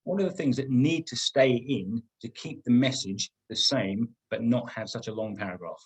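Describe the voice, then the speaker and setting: Middle-aged man, slightly husky webinar trainer, emphatic, repeats himself. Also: medium pitch, normal speed, rough recording. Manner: emphatic, repeats words and restarts often. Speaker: business trainer. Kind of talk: webinar teaching.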